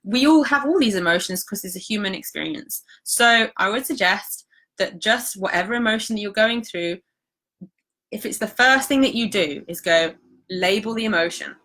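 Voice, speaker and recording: A woman's voice: mid-range voice, lively intonation, normal speed, pushed and bright. A woman hosting a live stream, talking casually and reassuringly about emotions with lots of fillers. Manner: chatty, reassuring, many fillers like "like".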